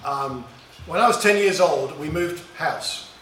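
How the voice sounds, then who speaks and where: A middle-aged Englishman with a fairly high, sharp-toned voice gives a reflective personal talk, musing on a story from his boyhood a little slowly, with small restarts. The mic is distant and his voice a bit off-mic, with roomy echo and slight background noise.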